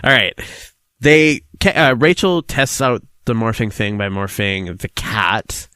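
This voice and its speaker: Man, podcast co-host, casual chat, swearing, laughing, rambling, lowish voice. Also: expressive, a little slow, bright, forceful tone, clear, resonant tone, no room sound, studio quality. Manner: profane, laughing, rambling recaps.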